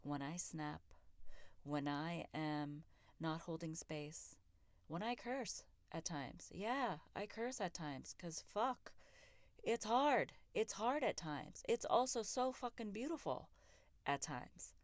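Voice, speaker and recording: Low-voiced, candid woman podcaster, profane and raw. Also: animated, takes it slowly, no echo. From raised in a Pakistani immigrant family. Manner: raw, profane, emphatic and self-reflective. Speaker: podcast host. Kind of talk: candid solo podcast monologue.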